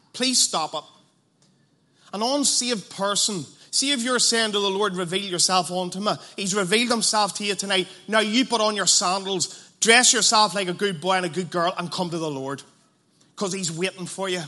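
A man preaching an evangelistic sermon, passionate and blunt, dropping to a hush and then rising loud, with colloquial asides. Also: sits high, moderate pace. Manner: passionate, swings from hushed to loud.

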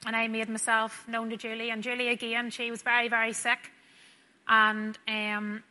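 Young woman, nurse, storytelling testimony; bright, slightly high voice, softening in tender moments. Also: monotone, normal speed. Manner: earnest, storytelling, drops soft and quiet at tender moments. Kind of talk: personal testimony to a church audience.

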